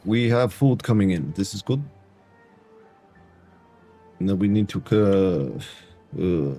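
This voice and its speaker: Streamer hamming up a mock-serious Eastern European accent, deadpan broken English, husky tone. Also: male voice, fairly low pitch. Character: adult man with a hammy, broken-English Eastern European put-on. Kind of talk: playful accent bit while live-streaming a game.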